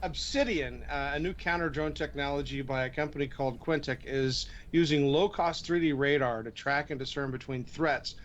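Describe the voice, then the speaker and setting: A man co-hosting a live stream, reading out news items in a halting way. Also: fairly high pitch, lo-fi sound, a little hiss or hum.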